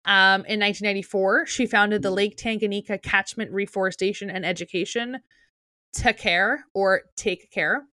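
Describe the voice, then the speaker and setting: A woman's voice: mid-range voice, fairly even intonation, normal speed, sharp tone, no room sound, studio quality. A young woman with a New Jersey accent, co-hosting a podcast in casual chat, full of "like" fillers and swearing. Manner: chatty, lots of "like" fillers, swearing. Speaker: podcast co-host.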